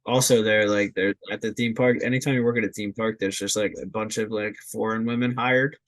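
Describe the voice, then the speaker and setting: A man's voice: lowish voice, fairly even intonation, fairly quick. A young man, a podcast guest, telling stories in a loose, laid-back way, swearing freely and filling his talk with "like". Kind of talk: casual storytelling.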